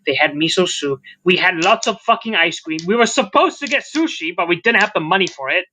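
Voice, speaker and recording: A man's voice: high-pitched, expressive, brisk, pushed and bright, a little hiss or hum. A man co-hosting a podcast in casual chat, rambling and sarcastic, swearing casually. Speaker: podcast co-host.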